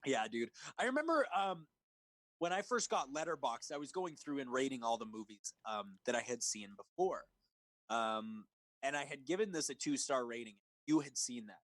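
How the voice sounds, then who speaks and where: A man co-hosting a movie review podcast in casual chat over a remote call, animated and swearing freely. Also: mid-range voice, moderate pace, dry recording. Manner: animated, swearing, laughs, mimics lines. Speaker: podcast co-host. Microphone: remote call recording.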